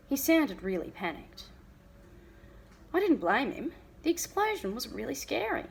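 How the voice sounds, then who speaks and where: A woman teacher reading a novel aloud to her class in an expressive storytelling voice. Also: high voice, a little slow, vocal fry.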